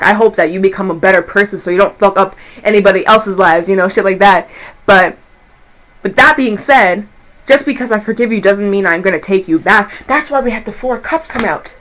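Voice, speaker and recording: A young woman giving a casual tarot reading, animated and profane, slipping into quoted voices as she talks. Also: mid-range voice, a little fast, poor audio. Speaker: tarot reader.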